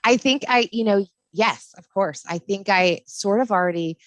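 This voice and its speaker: A middle-aged woman, a postpartum doula, talking in a casual podcast interview, passionate and animated, laughing often. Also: mid-range voice, normal speed, no room sound. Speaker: postpartum doula and lactation counselor.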